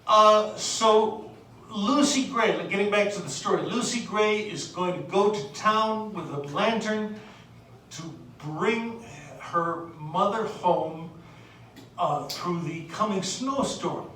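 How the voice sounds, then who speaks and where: A woman from the United States lecturing on literature, unhurried and hesitant, filling pauses with "uh" and reading verse aloud. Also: medium pitch, fairly bright tone, slight background noise. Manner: unhurried, hesitant with many fillers, reads poetry aloud. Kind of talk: recorded lecture. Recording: very echoey room, distant mic.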